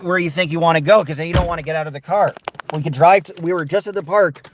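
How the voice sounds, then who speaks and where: A man's voice: fairly high pitch, steady tone, quick pace, slight background noise. A man livestreaming from his car, chatting casually, talking to his dog and answering viewers. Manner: talks to his dog and reads out chat, sings along to oldies. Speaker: vlogger. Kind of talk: casual livestream chat while driving. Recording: loud music under the voice. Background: loud oldies music from the car radio.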